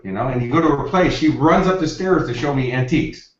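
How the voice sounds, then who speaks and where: A man's voice: a little high, brisk, few pauses. Guy coaching folks, chatty stories full of quotes, sounds far off in an echoey room. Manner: energetic, anecdotal, acts out quotes. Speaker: success coach. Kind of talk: interview storytelling. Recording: roomy, distant, dull lo-fi.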